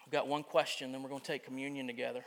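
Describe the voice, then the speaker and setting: A man preaching a sermon as pastor in a church, earnest, moving between loud emphasis and quiet confiding. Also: mid-range voice, little pitch movement, very fast. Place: church sanctuary. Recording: long church reverb.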